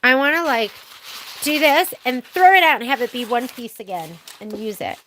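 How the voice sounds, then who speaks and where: A woman's voice: fairly high pitch, expressive, moderate pace, bright, forceful tone, a little hiss or hum. A young American woman teaching a casual live stitch-along, chatting with viewers as she works. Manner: chatty, talks to viewers while working. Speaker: sewing instructor.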